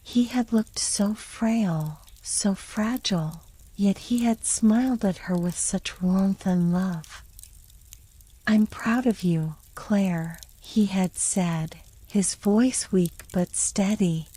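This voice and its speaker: A woman reads a bedtime story in a soft, airy whisper, drawn out and very slow. Her tone is dark and mellow, meant to lull the listener to sleep. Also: mid-range voice, poor audio. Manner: slow and soothing.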